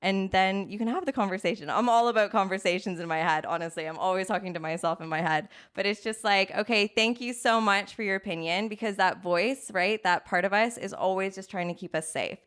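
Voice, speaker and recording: A woman in her thirties, speaking as a coaching guest in a relaxed podcast interview. Her voice is smooth and clean, sitting at an ordinary mid pitch. She talks earnestly, keeps checking in with "right?", and slips into little acted snippets of inner voices. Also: fairly quick, hardly any pauses. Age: 30s. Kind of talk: casual interview talk.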